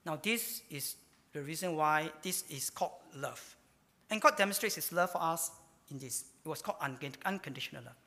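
A man preaching a sermon, swinging between loud emphatic lines and hushed ones. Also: a little high, moderate pace. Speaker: pastor. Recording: hall reverb.

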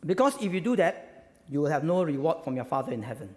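Animated high-voiced Singaporean pastor preaching. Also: male voice, fast. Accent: Singaporean English. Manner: animated, peppered with "ah" and "lah" tags, rhetorical questions. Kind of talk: sermon. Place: church hall. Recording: long hall reverb.

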